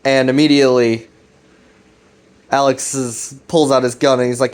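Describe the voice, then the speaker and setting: A man's voice: medium pitch, flat delivery, moderate pace, darkish tone. A man giving a casual, rambling plot recap of a web series, loose and profane. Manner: loose, profane, full of fillers and restarts.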